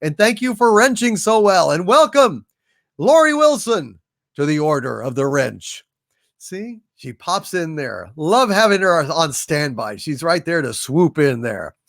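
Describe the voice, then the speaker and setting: A man's voice: on the high side, gravelly, fairly bright tone, no room sound, clean studio sound. A man hosting a live stream, reading out viewer super chats, playful and self-mocking, a bit tired. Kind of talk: casual live-stream chat.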